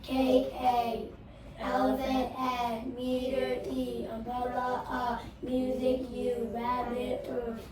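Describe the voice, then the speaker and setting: A woman student slowly reciting a phonics drill, halting and hesitant. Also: high-pitched, completely flat delivery, crowd noise. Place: classroom. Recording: very echoey room, distant mic, background noise.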